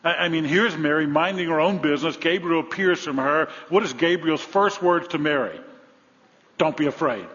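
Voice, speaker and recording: Male preacher, animated storyteller, loud peaks and hushed drops; dull recording in a big reverberant hall. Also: normal speed. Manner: dynamic preaching, rising to loud emphasis then dropping low and soft; storytelling with humor. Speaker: pastor. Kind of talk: sermon.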